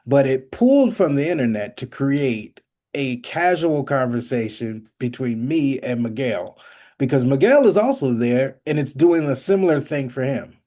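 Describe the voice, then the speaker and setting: A man hosting a podcast in casual chat, telling stories in an animated way and joking dramatically. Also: mid-range voice, normal speed. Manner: animated storyteller, jokes dramatically. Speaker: podcast host.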